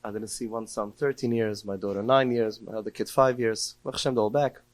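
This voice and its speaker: On the low side and a little fast, his intonation fairly even, a middle-aged man speaks on a podcast. It's a heartfelt Torah talk of stories, reaching emotional cries when he quotes prayers.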